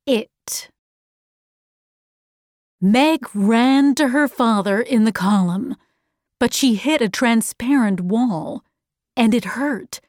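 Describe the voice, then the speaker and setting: A woman narrating a story in a clear, careful, evenly paced reading. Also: on the high side, takes it slowly, long pauses, a little mellow, no echo, studio quality. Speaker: audiobook narrator. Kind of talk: slow, clear scripted narration for learners.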